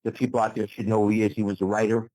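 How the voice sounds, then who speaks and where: A man's voice: on the low side, level tone, racing, mellow, no echo, rough recording. An older man, a retired bodybuilder, giving an enthusiastic interview and repeating phrases for emphasis. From USA. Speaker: guest, retired pro bodybuilder. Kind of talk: enthusiastic motivational interview talk.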